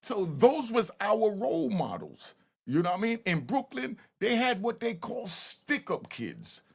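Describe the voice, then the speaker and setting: A man in his fifties from Harlem with a New York accent, hosting and telling stories in a loose, animated way, often stammering on restarts. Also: high-pitched, a little slow, creaky, husky. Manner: animated, repeats "you know what I mean", stammers on restarts. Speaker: host. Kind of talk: casual storytelling commentary.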